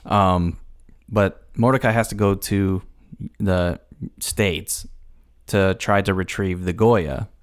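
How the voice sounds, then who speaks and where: A man with a fairly low voice chats about a movie in an easygoing podcast. The sound is dry and close, with no room echo, and his tone stays relaxed as he fills in plot details. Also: takes it slowly, clear, resonant tone. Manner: laid-back, adds details and chuckles. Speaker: podcast co-host. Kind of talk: casual film recap chat.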